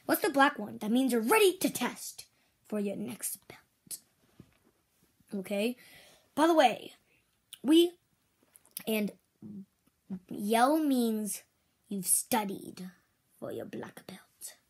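A woman voicing a strict female toy karate teacher in make-believe play, switching between loud drill shouts and whispers. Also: a little high, animated, takes it slowly, long pauses, slightly rough, heavily acted. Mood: bossy.

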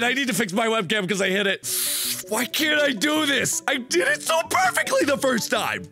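A man's voice: high-pitched, big pitch swings, brisk, gravelly, pushed and bright, faint music behind. A young man hosting a let's play, melodramatically raging, pleading and whining at a hard game. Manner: pleading, chanting repeated words. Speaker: gaming video host.

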